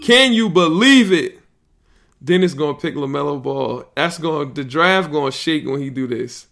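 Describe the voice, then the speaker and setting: A podcast host reacting live to a fantasy draft, excitable, yelling and laughing. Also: male voice, a little high, moderate pace, gravelly.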